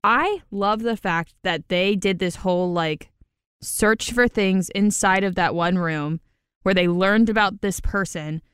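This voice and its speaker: A woman co-hosting a casual podcast recap, animated and laughing often. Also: medium pitch, a little slow, clear, resonant tone, no echo, studio quality. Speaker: podcast co-host.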